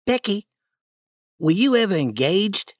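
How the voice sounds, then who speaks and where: A woman voicing an eager, boastful young schoolboy in a storybook reading, coaxing and lively. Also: mid-range voice, measured pace, no echo, clean studio sound.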